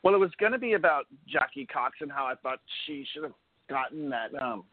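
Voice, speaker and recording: A man's voice: mid-range voice, lively intonation, fairly quick, dry recording. A man co-hosting a podcast, chatting in a rambling way with lots of fillers. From San Francisco area. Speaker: podcast co-host. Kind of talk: casual chat. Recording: dry tinny phone-like line.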